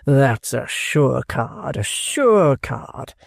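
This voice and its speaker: A man's voice: mid-range voice, big pitch swings, gravelly, breathy edge, dry recording, clean studio sound, full character voice. A man voicing a pompous theatrical actor who drawls his words grandly. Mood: showy. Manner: slow, drawn-out, grandly theatrical.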